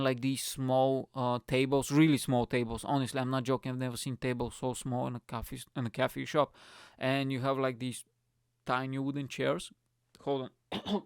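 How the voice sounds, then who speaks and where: A man hosting a podcast, telling a story in an excitable, rambling way and swearing freely. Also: mid-range voice, smooth, no echo, clean studio sound. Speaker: podcast host. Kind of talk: casual storytelling monologue.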